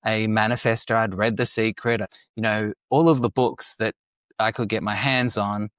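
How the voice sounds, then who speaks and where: A man's voice: on the low side, fairly even intonation, normal speed, a bit bright, clear, resonant tone, no room sound, studio quality. Australian man in his forties, friendly. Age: 40s. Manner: friendly, joking, some restarts. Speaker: guest, psychologist. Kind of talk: casual interview.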